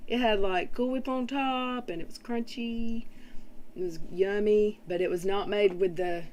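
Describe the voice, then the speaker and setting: A woman's voice: medium pitch, fairly even intonation, measured pace, a little mellow. A woman hosting a casual livestream, rambling with fillers as she reads and answers chat comments. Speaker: livestream host.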